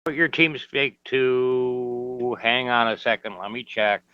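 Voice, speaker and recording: A man's voice: mid-range voice, fairly even intonation, slow pace, smooth. A man chatting casually in an online game session, making dry jokes. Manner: dry, joking remarks. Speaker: player in an online bridge-crew game. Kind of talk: casual voice chat. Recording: dull lo-fi voice chat.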